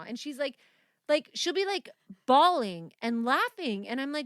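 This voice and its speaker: A young woman co-hosting a casual podcast chat, animated and quick to laugh, swearing freely as she tells stories. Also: high-pitched, no echo, studio quality. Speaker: podcast co-host.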